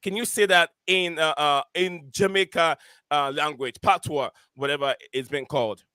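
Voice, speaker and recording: A man hosting a live football review show, excitable and fond of shout-outs and repeating names. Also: a little high, moderate pace, clean tone, no room sound, clean studio sound. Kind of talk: live fan call-in chat.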